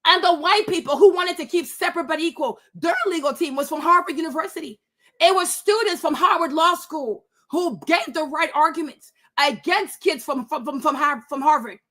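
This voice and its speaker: A livestream host speaks to her webcam at a moderate pace in a high-pitched, somewhat bright voice. In a heated rant, she's indignant, swearing and repeating rhetorical questions.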